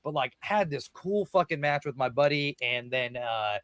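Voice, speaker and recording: Excitable swearing young wrestler man. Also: medium pitch, normal speed, no echo. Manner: excited, swearing a lot, acts out quotes loudly. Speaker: guest wrestler. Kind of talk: casual storytelling in a podcast interview.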